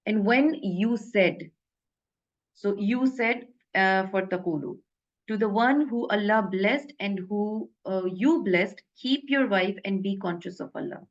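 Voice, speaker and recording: A woman's voice: medium pitch, unhurried. Hesitant woman teaching grammar, dull audio. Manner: hesitant, many fillers and self-corrections. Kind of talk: casual online lesson explaining grammar.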